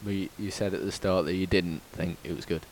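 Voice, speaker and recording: A man's voice: deep voice, fairly even intonation, fairly quick, a little hiss or hum. A man hosting a casual podcast, joking and laughing, with plenty of ums. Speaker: podcast host. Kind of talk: casual banter.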